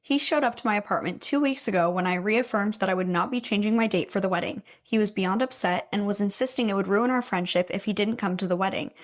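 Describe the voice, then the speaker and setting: Blunt, swearing young woman. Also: mid-range voice. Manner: blunt, opinionated, swears freely. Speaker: story reader and commentator. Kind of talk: casual reaction commentary.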